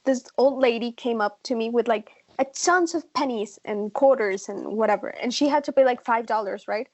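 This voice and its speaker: A young woman in her twenties, a guest in a casual chat, telling animated stories and acting out guests. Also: fairly high pitch, normal speed. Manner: animated storyteller, acts out guests.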